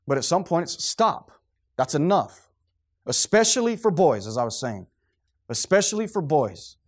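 A middle-aged man preaching a sermon to a congregation, fervent and preachy, sometimes losing his train of thought. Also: fairly high pitch.

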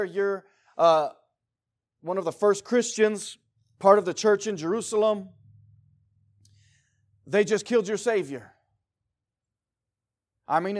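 A man preaching a sermon to his congregation, swinging between loud emphatic passages and quiet, intense rhetorical questions. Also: high voice. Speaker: pastor. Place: church meeting room.

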